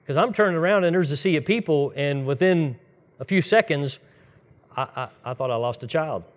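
A man's voice: fairly high pitch, fairly quick. Conversational preacher man. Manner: conversational storytelling preacher, bursts of speed. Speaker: pastor. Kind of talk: sermon.

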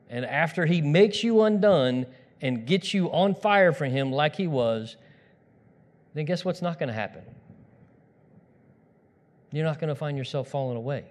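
A man's voice: fairly high pitch, a little mellow. Man preaching in a reverberant hall. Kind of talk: sermon, conversational preaching. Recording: long reverb of a large hall.

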